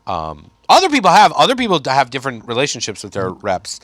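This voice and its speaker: Young male comic guest, lively storyteller who slips into quoted voices, bright tone, dry close mic. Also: mid-range voice, fast, no room sound. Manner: animated storyteller, mimics people he quotes. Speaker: stand-up comedian guest. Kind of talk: casual podcast chat. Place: Chicago.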